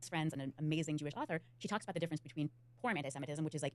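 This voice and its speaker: A woman's voice: low voice, rapid-fire, few pauses, a little mellow. A woman speaking in a played panel discussion clip, explaining earnestly.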